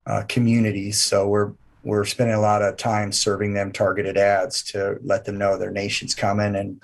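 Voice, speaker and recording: A man's voice: lowish voice, monotone, normal speed, creaky. A man guesting on an interview, talking with enthusiasm in long run-on sentences. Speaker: event promoter guest. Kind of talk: casual interview chat.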